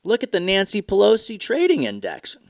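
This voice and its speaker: A man's voice: sits high, wildly swooping pitch, fairly quick, creaky, no echo. Tired, profane young man ranting. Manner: profane, sarcastic, rambling. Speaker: podcast host. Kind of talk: casual solo podcast rant.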